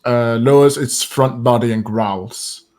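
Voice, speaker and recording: Male game master for an online tabletop session, slow and halting, frequent fillers and chuckles. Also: mid-range voice, fairly even intonation, background noise. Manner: unhurried, hesitant, with many fillers and chuckles. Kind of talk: narrating a tabletop game over voice chat.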